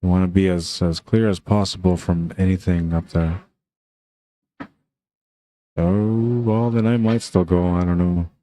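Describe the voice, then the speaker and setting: A man's voice: low-pitched, steady tone, unhurried, long pauses, mellow. A man giving laid-back, chatty live commentary on a pool tournament, reading viewer messages and talking about the players. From Canada.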